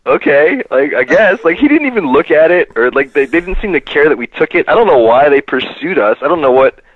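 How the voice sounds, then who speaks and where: A man's voice: fairly high pitch, sing-song, fast, dry recording, narrow, tinny audio. A man guest on a podcast telling a story casually, laughing often and leaning on fillers.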